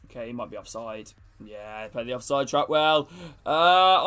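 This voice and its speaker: A young man streams a football video game, greeting his chat and hyping up his teammates while swearing casually. His mid-range voice is expressive and unhurried, with a fairly bright, clean tone, and faint music plays in the background.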